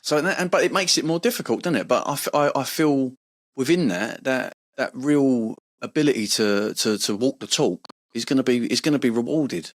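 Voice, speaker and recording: A man's voice: mid-range voice, lively intonation, normal speed. A man, a podcast guest, talking earnestly and reflectively in casual conversation, with frequent restarts. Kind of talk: casual chat.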